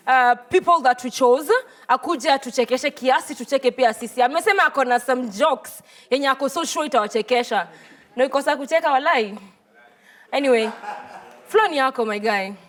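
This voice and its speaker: A woman's voice: high-pitched, fairly quick, fairly bright tone. A woman hosting a live stand-up show, teasing the comedians playfully. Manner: playful, code-switching teasing. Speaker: show host. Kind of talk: live stand-up emcee banter.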